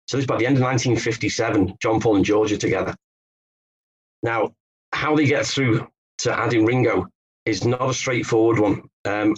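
Husky guy chatting in an interview, dull muffled line, lots of restarts. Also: on the low side. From England. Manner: hesitant, restarts, storytelling. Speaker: guest author. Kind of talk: conversational interview.

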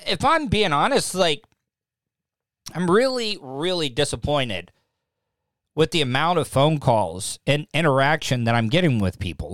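A man hosts a casual live podcast stream from a lamp-lit home studio, speaking into a desk podcast mic with a mixing board. His voice is a little high and fairly bright, with no room sound, and he rambles, pokes fun at himself, and often repeats himself.

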